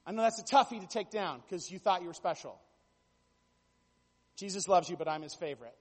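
A man's voice: high voice, brisk, slightly rough, long reverb tail. A man preaching a sermon, telling stories with jokey asides and building to emphatic bursts. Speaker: pastor.

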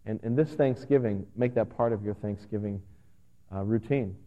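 A man in his thirties, a pastor, giving a conversational and earnest sermon that gets animated at times. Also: lowish voice, moderate pace. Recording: dull lo-fi sound with long hall reverb.

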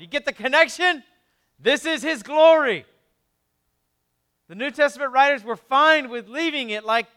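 A man preaching a sermon in a conversational way, with quick asides, moving between quiet, low passages and emphatic ones. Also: smooth. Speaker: pastor.

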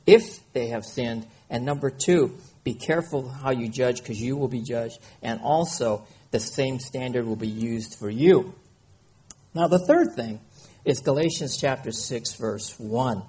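A man's voice: mid-range voice, unhurried, dark tone, slightly rough. A man preaching a conversational sermon, reading scripture and often checking in with his listeners. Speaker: pastor.

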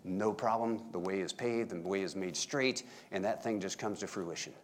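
A man's voice: deep voice, moderate pace, slight background noise. A middle-aged man giving a casual, joking sermon to his congregation. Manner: folksy, joking with the congregation, animated. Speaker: pastor. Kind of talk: conversational sermon.

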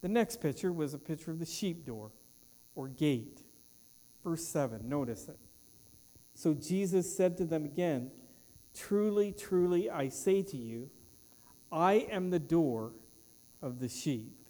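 A man's voice: a little high, lively intonation, measured pace, dark tone, big-room sound. A man preaching a sermon as pastor, with an emphatic cadence that trails off at the ends of phrases. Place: church.

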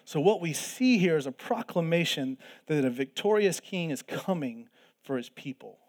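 A man's voice: a little high, expressive, normal speed, a little mellow. A man preaching a sermon in an earnest way, repeating phrases for emphasis. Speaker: pastor.

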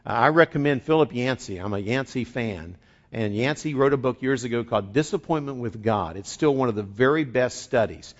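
A middle-aged male pastor preaching a conversational sermon, shifting from quiet reflection to fervent emphasis. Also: mid-range voice, animated, brisk, highs cut off.

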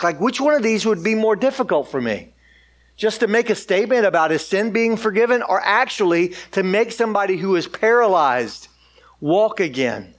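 A man's voice: high voice, expressive, moderate pace. A man preaching a sermon, reading scripture aloud and explaining it in a casual, conversational way with frequent "like.". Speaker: pastor.

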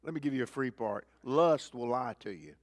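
A male pastor delivers a sermon, alternating between loud, emphatic lines and quiet, low asides while repeating key phrases. His delivery is expressive and at a normal speed, recorded with studio quality and no room sound.

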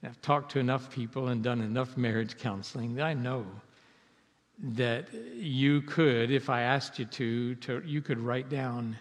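A man preaching a sermon as pastor, earnest and conversational, moving between emphatic and hushed delivery. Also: mid-range voice, steady tone, measured pace. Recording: reverberant hall sound.

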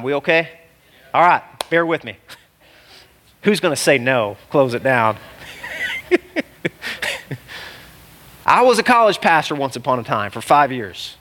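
Bright-voiced, fiery male preacher. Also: a little high. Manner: animated, exclamatory preaching that swings from loud to hushed. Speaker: pastor. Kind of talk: sermon.

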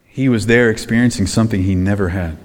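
A man preaching a sermon, emphatic, dropping to hushed low phrases and then rising to loud ones. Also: quick pace. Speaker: pastor. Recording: long hall reverb.

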